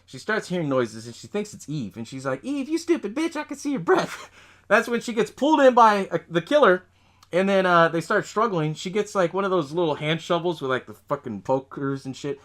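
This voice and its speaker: A man hosting a podcast, casually recapping a horror movie in a profane, animated way, laughing often and acting out the characters' lines. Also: a little high, a little fast. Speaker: podcast host.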